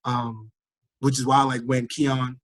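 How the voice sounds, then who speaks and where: A man's voice: medium pitch, slow pace, no room sound. A man in his thirties from Trinidad, a firefighter worn out by illness, telling his story in a casual interview and acting out the voices of others. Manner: animated storyteller, acts out quoted voices. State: fatigued, recovering from illness. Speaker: guest, firefighter recovering from illness. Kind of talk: casual interview over a call.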